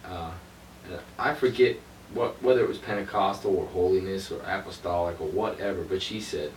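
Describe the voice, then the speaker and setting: A man casually telling a story as a guest, animated and conversational. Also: deep voice, fairly quick. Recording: roomy, distant, noisy room recording.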